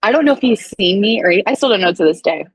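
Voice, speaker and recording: A woman in her thirties, a doctor sharing her story as a podcast guest, with a husky, slightly breathy voice. She talks candidly and animatedly, jumping into the voices of people she quotes. The sound is dry and close. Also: mid-range voice, quick pace, no room sound, rough recording. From St. Louis, USA. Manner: animated, acts out quoted dialogue with swearing and laughs.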